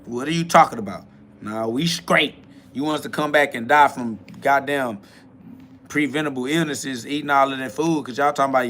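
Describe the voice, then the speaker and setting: A man's voice: mid-range voice, moderate pace, a bit bright. A man hosting a spiritual self-talk podcast, preaching in a profane, mocking street style. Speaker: podcast host. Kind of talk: motivational spiritual monologue.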